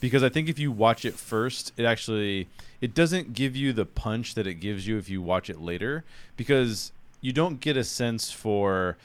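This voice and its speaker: A man co-hosting a casual movie podcast, talking in an animated way and laughing often. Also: on the low side, normal speed, smooth, no room sound. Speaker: podcast co-host. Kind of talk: casual chat.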